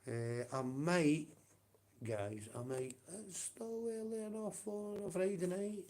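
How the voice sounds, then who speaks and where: A man's voice: high-pitched, slow, darkish tone. A man with a Scottish accent ranting on a livestream, profane and confrontational, with blunt taunts.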